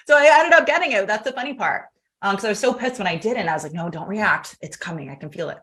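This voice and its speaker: A woman guest on an interview show, telling her story in a lively, chatty way and acting out the other people's lines as she goes. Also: on the high side, fast, a little hiss or hum. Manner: animated, acts out quoted dialogue, laughs often. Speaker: podcast guest.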